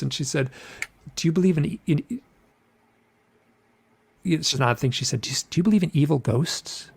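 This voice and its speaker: Middle-aged man, gravelly tone, loose repetitive storytelling, casual podcast guest. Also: fairly high pitch, normal speed, pauses often, a little mellow. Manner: rambling, repeats phrases, acts out quotes. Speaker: podcast guest recounting an experience.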